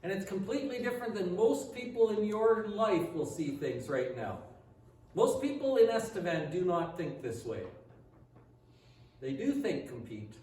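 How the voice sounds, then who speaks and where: A man's voice: high-pitched, sing-song, normal speed, a little mellow. A man pastor delivering a conversational sermon full of rhetorical questions. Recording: echoey hall, speaker far from mic, faint noise.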